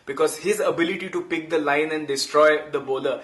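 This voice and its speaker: A man with an Indian English accent tells punchy cricket anecdotes at a quick clip, his voice sitting a little high. He is a comedian and impressionist, and his animated storytelling echoes in a roomy space. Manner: lively, fast, punchy anecdotes mixing in Hindi. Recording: roomy echo.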